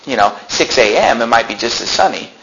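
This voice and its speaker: A pastor preaching a sermon in a church, explaining scripture with rhetorical questions and folksy asides. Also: male voice, medium pitch, lively intonation, a little fast, creaky, a bit bright, dull audio.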